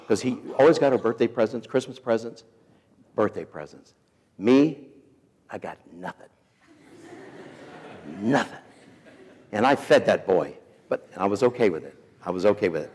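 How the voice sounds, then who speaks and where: Folksy fifty-something guy preaching to students, lively storytelling, big hall echo. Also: lowish voice, measured pace, pauses often, breathy edge. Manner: folksy, animated storytelling with acted quotes. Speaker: week of prayer speaker. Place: school chapel or auditorium. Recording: hall reverb.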